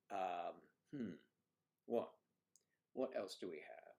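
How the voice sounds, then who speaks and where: A man's voice: medium pitch, big pitch swings, unhurried. A man hosting a livestream, chatting casually and rambling as he reads out viewer comments. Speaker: livestream host.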